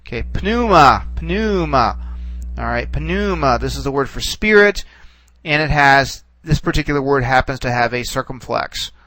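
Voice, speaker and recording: A man teaching a recorded lesson, relaxed and reassuring, who stops and restarts often and checks in with "okay.". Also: medium pitch, dry recording, poor audio. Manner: halting, full of restarts and "okay"s. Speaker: Greek teacher. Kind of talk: recorded classroom lecture.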